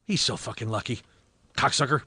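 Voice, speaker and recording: A man's voice: medium pitch, fairly bright tone, no room sound, studio quality. Man firing off a profane promo. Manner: fast, relentless swearing. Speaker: radio host in a promo.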